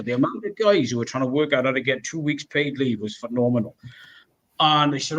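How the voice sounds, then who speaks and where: A British man telling animated, sweary stories in casual chat over a video call, acting out the people he quotes. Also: mid-range voice, brisk.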